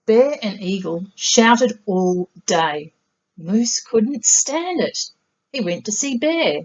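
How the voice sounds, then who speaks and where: A woman reading a children's picture book aloud in a gentle, measured storytelling voice. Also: medium pitch, animated, muffled recording. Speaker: storybook reader.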